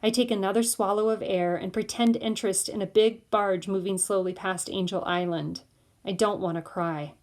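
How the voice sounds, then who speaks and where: Woman reading a chapter book out loud, steady first-person storytelling. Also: mid-range voice, moderate pace. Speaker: audiobook reader. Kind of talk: first-person novel narration.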